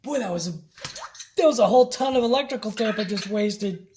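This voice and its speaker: A man's voice: sits high, brisk, a little mellow, slight background noise. Man coaxing a toy robot like a pet. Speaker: hobby robot vlogger. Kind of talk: casual vlog, talking to a toy robot. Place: indoors at a home countertop.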